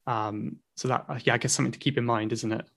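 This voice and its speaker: A man from Cornwall talks in a Received Pronunciation accent with a slight Southwest English trace. He explains thoughtfully and hedges his points with fillers. His voice sits at a middle pitch for a man. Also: fairly even intonation, fast talker, gravelly, a bit bright. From Cornwall, England. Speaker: English teaching podcast host, interview guest. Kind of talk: casual explanatory chat.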